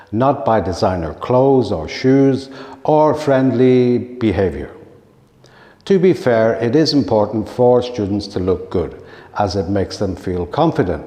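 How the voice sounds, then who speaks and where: A man delivering a scripted lesson for teachers in a calm, measured way. His voice is mellow and dark, mid-pitched. The sound rings in a roomy space with a long reverb tail. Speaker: teacher trainer. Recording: echoey room with long reverb.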